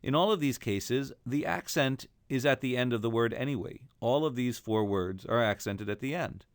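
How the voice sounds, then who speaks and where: Man, chant teacher, smooth clear voice, dry close sound, explains then sings examples. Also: medium pitch, normal speed, no echo. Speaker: Torah trope teacher. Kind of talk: recorded lesson with chanted examples.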